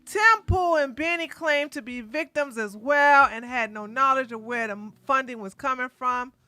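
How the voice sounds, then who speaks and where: A woman hosts a livestream in a high, lively voice. Her tone is bright and she swings into loud outbursts. The mic is dry and close, with faint music behind her. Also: normal speed, no echo. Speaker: livestream commentary host. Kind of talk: casual livestream commentary.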